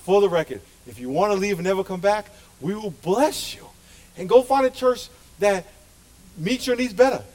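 A man's voice: high voice, expressive, moderate pace, darkish tone. A middle-aged male pastor preaching a sermon to his church with passionate, emphatic delivery. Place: church sanctuary.

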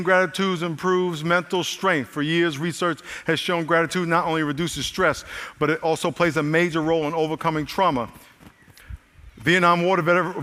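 Brief: male pastor, bright forceful delivery, raised voice, energetic sermon with audience call-outs. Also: a little high, in a large hall. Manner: energetic, repeats lines, calls out to the congregation. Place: large church hall.

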